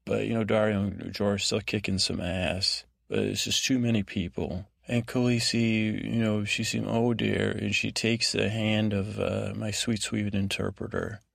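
Male sleep-podcast host, low gravelly voice, dry close sound, wandering halting recap. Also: flat delivery, fairly bright tone, dry recording. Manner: meandering, halting, full of restarts and asides. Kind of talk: rambling bedtime recap of a TV episode.

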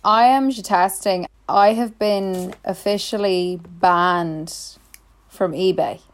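A young woman, co-hosting a casual chat and telling a story in quick asides. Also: mid-range voice. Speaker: podcast co-host.

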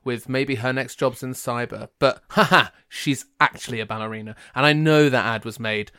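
A man's voice: mid-range voice, moderate pace, bright, forceful tone, clear, resonant tone, dry recording, clean studio sound. A man co-hosting a casual comedy podcast, giggly and a bit tipsy, often repeating himself. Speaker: podcast co-host.

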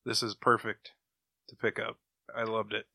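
A man's voice: on the low side, flat delivery, moderate pace, vocal fry, bright, forceful tone, husky, no room sound. A man hosting a comic book podcast, casually retelling plots in a rambling, enthusiastic way. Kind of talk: casual chat, recapping comics.

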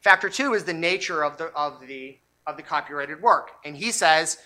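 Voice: mid-range voice, animated, moderate pace, pushed and bright. A speaker lecturing on a court ruling, analytical and emphatic, often restarting phrases mid-thought. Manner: analytical, stop-start with frequent restarts; emphatic when stressing key points. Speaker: legal commentator.

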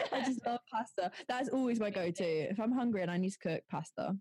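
A woman's voice: mid-range voice, expressive, fairly quick, a little mellow, no echo. Bubbly young woman on a video call, dry close sound, laughs a lot. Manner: chatty, laughs often, bubbly. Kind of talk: casual interview chat.

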